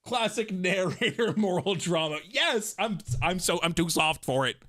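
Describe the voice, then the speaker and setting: A young adult man streaming live, chatting to his viewers in an animated, jokey and self-mocking way, laughing often between script reads. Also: high-pitched, moderate pace, hardly any pauses. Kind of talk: casual live-stream chat while reading voice scripts.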